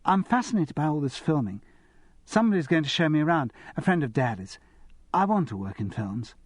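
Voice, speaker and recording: In an audiobook, a man voices a giggly, easily impressed upper-class teenage girl with an English public-school accent, pitching above his own voice. It's fairly high, with big pitch swings and a slightly fast pace, clean studio sound and no echo, girlish, eager, bright and enthusiastic.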